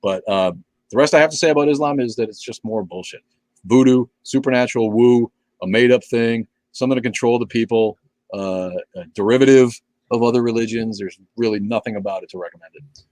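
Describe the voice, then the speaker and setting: A man's voice: mid-range voice, brisk, darkish tone, dry recording, poor audio. An older man hosting a live stream, reading viewer comments in blunt, profane, sarcastic casual chat.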